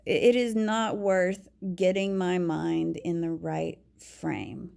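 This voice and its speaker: Her voice low, creaky, a little mellow, and delivered flatly, a woman vlogger confides frankly about herself in a monologue. She restarts haltingly at times and whispers whenever she quotes herself.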